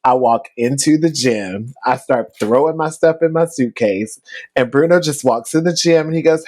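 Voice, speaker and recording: A man co-hosting a podcast, telling a story in a chatty, animated way with many asides. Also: a little high, moderate pace. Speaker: podcast co-host. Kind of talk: storytelling in casual chat.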